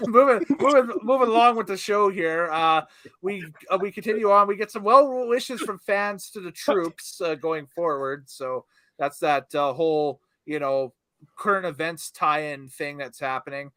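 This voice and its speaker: Guy hosting a podcast, keeps things moving, high bouncy voice, dry sound. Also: unhurried, bright, forceful tone, no room sound. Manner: steers the show, laughs often. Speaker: podcast host. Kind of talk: casual review chat.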